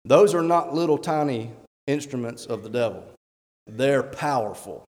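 A man's voice: mid-range voice, normal speed, a little mellow. A man, a church elder, preaching a sermon with emphatic rhetorical questions and reading scripture aloud. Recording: long hall reverb.

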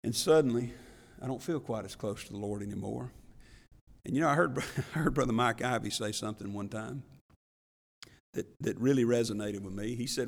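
A man pastor preaching a sermon in an animated way, with laughs and asides to the congregation. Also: mid-range voice, fairly quick. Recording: long church reverb.

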